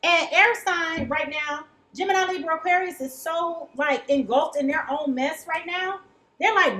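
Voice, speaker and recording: A woman's voice: very high-pitched, moderate pace, sharp tone, low-quality recording. A woman giving a casual tarot reading, chatty and colloquial, who keeps checking in with "okay?". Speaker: tarot reader.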